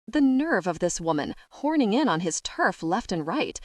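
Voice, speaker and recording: A woman's voice: mid-range voice, sing-song, moderate pace, hardly any pauses, no room sound. A woman narrating an audiobook with a wry storytelling manner, close to the mic. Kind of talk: scripted narration.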